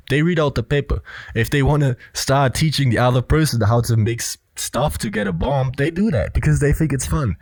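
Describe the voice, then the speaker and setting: A man's voice: medium pitch, no echo. A man giving blunt, assertive casual commentary on a film clip, often filling with "you know". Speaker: body language commentator.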